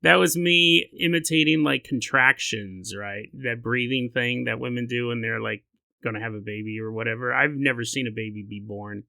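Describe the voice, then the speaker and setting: A male podcast host telling a story in an animated, joking way, laughing often and acting out voices. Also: mid-range voice, normal speed, gravelly, dry recording. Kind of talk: comedic storytelling.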